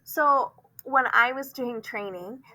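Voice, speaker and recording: Bright-voiced woman teacher explaining phonics. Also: a little high, poor audio. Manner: explanatory, frequent "um" fillers, slow demonstrations of words.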